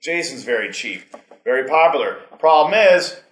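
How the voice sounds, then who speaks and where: A man's voice: a little high, animated, normal speed, fairly bright tone. A man speaking at a group meeting, talking casually and rambling, getting heated at times. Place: meeting hall. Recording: echoey meeting room.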